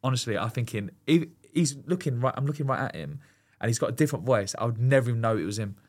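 A man's voice: mid-range voice, quick pace. A man, a former goalkeeper telling a long story as a podcast guest, full of fillers and restarts. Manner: rambling, animated storyteller with many fillers and restarts. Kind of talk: casual storytelling chat.

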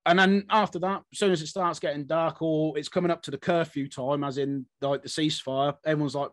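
Chatty man with a higher voice. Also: steady tone, a little fast, few pauses, dry recording. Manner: loose, repetitive storytelling with many restarts. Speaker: history podcast co-host. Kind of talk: casual conversation.

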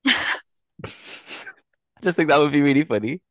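A man's voice: fairly high pitch, animated, unhurried, dry recording. A young man from Newcastle with a Geordie accent, co-hosting a casual, joking chat podcast. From Newcastle, England. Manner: jokey, laughs often, playful. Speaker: podcast co-host.

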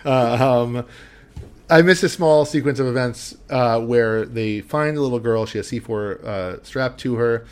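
A man's voice: mid-range voice, measured pace, clear, resonant tone. A man co-hosting a podcast, recapping a film in casual chat and rambling with lots of ums. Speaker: podcast co-host.

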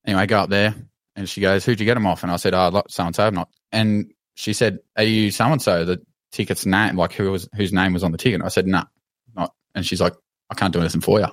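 A man with an Australian accent telling a story on a podcast in a casual, animated way, swearing and laughing as he goes. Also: deep voice, no echo. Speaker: podcast co-host.

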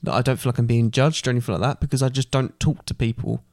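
A man's voice: medium pitch, fairly even intonation, fast talker, darkish tone, no echo, clean studio sound. A young man with an Essex estuary accent, co-hosting a podcast in a chatty, teasing way, often hesitating with ums. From England. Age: young adult. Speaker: podcast co-host. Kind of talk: casual chat.

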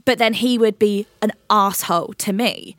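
A woman hosting a podcast, chatting in a blunt, lively way. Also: mid-range voice, moderate pace, no room sound, studio quality. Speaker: podcast host. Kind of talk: casual chat.

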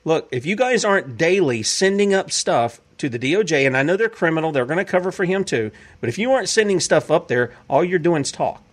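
An emphatic man delivers opinionated commentary as a show host. His voice sits a little high and swings widely in pitch, and he hammers home points by repeating them. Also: animated, brisk, few pauses. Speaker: podcast host.

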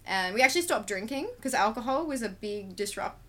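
A woman's voice: fairly high pitch, lively intonation, quick pace, bright, forceful tone. Candid woman telling her story. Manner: open and emotional, acts out quoted exchanges. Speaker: tattoo artist, guest.

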